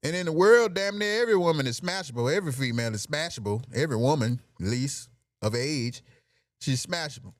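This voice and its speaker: Male podcast host, brash comic monologue, slightly high voice, dry close sound. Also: expressive, fairly quick, no echo. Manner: brash, joking, laughs at his own bits. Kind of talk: casual comedic monologue.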